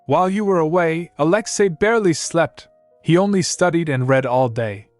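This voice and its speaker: A man voicing a booming, scolding male spirit companion in a storybook recap, barking and growling his lines. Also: moderate pace, no echo, soft background music, close to an everyday voice.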